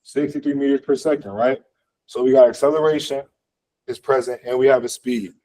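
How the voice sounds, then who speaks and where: A man's voice: medium pitch, steady tone, fairly quick, warm tone, poor audio. A man teaching a college physics class, talking casually with lots of fillers and quizzing students as he goes. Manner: conversational, lots of fillers, asks the class questions. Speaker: physics instructor. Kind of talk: classroom lecture. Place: classroom, also streamed online.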